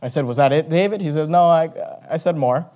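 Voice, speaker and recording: A man's voice: a little high, fairly quick, warm tone. A man preaching a sermon, acting out imagined conversations with sudden rises and drops in his voice. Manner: acts out imagined dialogue, rises and falls sharply.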